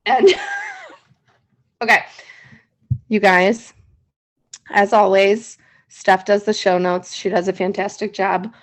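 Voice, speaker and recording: A woman co-hosting a podcast in casual chat, animated, swearing freely and laughing often. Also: mid-range voice, slow pace, long pauses. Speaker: podcast co-host.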